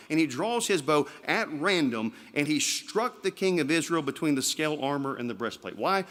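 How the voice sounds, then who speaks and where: A man's voice: medium pitch, a bit bright. A man preaching an evening sermon in a church, speaking in a conversational way and putting rhetorical questions to the congregation. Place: church sanctuary.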